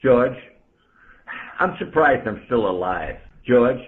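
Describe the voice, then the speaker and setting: Man, from the Bronx, ham radio rant, blunt, lively pitch, tinny radio sound. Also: takes it slowly. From the Bronx, New York. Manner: blunt, ranting, keeps calling out listeners by name. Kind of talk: on-air ranting chat.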